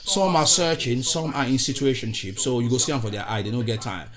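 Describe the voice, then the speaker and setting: A man's voice: mid-range voice, animated, fairly quick, crowd noise. A Nigerian man hosting a podcast with a showy, exuberant intro, mixing in Pidgin. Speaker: podcast host. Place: recorded studio in Ottawa.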